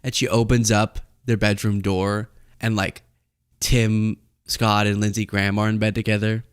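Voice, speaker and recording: A young man hosts a casual commentary podcast, rambling as he improvises a comic bit. His voice is smooth and clear, recorded close on a dry mic, and his pitch jumps around as he riffs. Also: flat delivery, normal speed, dry recording. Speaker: host.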